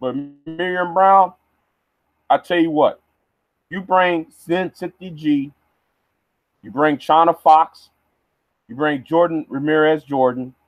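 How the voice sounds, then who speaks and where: A man's voice: fairly high pitch, fairly even intonation, slow pace, long pauses, dry recording, muffled recording. A man ranting on a livestream, heated and stammering, repeating words as he goes. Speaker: vlogger.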